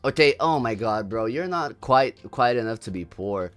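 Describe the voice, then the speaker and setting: A man's voice: mid-range voice, lively intonation, normal speed, fairly bright tone, soft background music. A young man from Brazil with a Brazilian accent, hosting a casual livestream, laughing often and repeating himself in slangy chatter. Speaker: livestream host.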